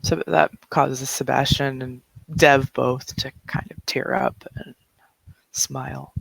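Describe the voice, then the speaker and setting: A man playing a tabletop role-playing game, halting through his character's actions with fillers and short laughs. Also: mid-range voice, steady tone, creaky, fairly bright tone, husky, dry recording, poor audio. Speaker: player.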